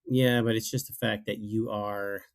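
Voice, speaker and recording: A man's voice: lowish voice, flat delivery, normal speed, gravelly, smooth. A man appearing as a podcast guest, chatting casually with hesitant restarts. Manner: hesitant, repeats words while thinking. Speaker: guest, former reality show contestant. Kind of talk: casual chat.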